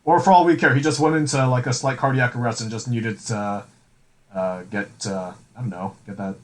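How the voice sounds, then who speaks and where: A man's voice: mid-range voice, fairly even intonation, a little fast, low-quality recording. A man co-hosting a podcast, rambling through a casual chat with many fillers and restarts. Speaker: podcast co-host.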